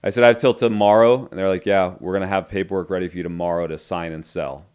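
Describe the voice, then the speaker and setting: A man's voice: low voice, little pitch movement, quick pace, darkish tone, smooth. A middle-aged man, a podcast guest, candidly retelling a business story and acting out the dialogue. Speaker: entrepreneur guest.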